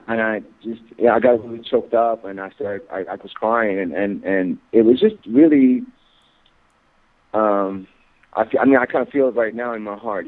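A man being interviewed, talking haltingly with many repeated words and growing emphatic as he goes. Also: lowish voice. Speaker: guest. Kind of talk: interview on radio. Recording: tinny phone line.

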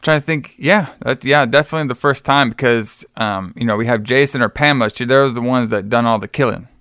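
A man co-hosting a casual movie podcast, recapping scenes in a loose, rambling way. His voice is smooth and clear, at a middle pitch. The recording is dry and close. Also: brisk, a bit bright, no room sound. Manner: rambling, swearing, acts out quotes with laughs. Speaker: podcast co-host. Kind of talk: casual movie review chat.

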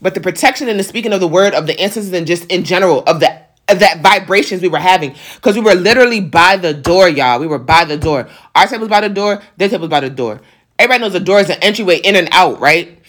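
Speaking fast and animatedly in a fairly low voice, a woman recounts a personal story for her vlog audience. She talks straight to viewers in forceful, slangy language while seeming close to crying.

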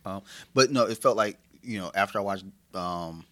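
Deep, bright-voiced man chatting casually. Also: normal speed. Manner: rambling, profane and excitable. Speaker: podcast co-host. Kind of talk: casual chat.

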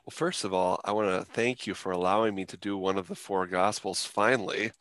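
Low-voiced pastor explaining scripture. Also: male voice, steady tone, brisk, a bit bright.

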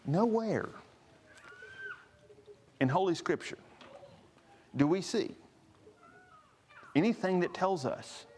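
A man's voice: high-pitched, animated, takes it slowly, pauses often, a little mellow, slight background noise. A man preaching a sermon, earnest, rising to stress each scripture he quotes. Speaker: pastor.

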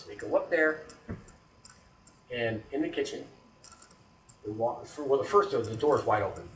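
A man's voice: mid-range voice, expressive, moderate pace, pauses often. A man telling a creepy story in casual talk, acting out the scenes with sound effects and often checking in with "right?". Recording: roomy echo, distant mic, faint background noise.

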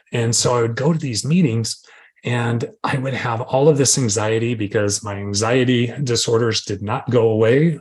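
A man's voice: medium pitch, breathy edge. A middle-aged man giving a candid, self-deprecating recovery share, acting out his own inner voices. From Arizona, USA. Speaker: recovery speaker.

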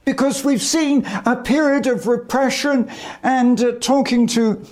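A male evangelist preaching a sermon, slow and deliberate, with emphatic pauses between phrases. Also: very high voice, fairly even intonation, darkish tone.

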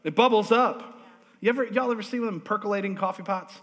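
A male pastor preaching a lively, humorous sermon in a church, drawing responses from the congregation. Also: sits high, brisk. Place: church sanctuary. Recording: long hall reverb.

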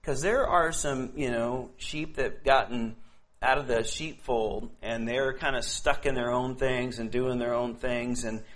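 A man's voice: medium pitch, steady tone, measured pace, fairly bright tone. A man preaching a sermon and reading scripture aloud in an earnest way, often stumbling over his words and restarting. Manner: earnest, frequent stammered restarts. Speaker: pastor.

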